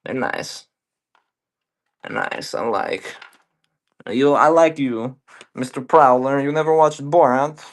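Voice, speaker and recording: A man's voice: on the low side, very animated, moderate pace, vocal fry, no echo, heavily acted. A man putting on a boastful comic foreign reporter, speaking in broken grammar.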